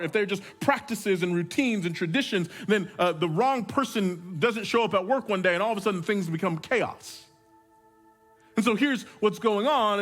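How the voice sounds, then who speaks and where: A man's voice: high-pitched, a bit bright. A man pastor preaching a sermon, telling stories in a casual, joking way with frequent restarts. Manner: conversational, humorous storytelling with repeated restarts.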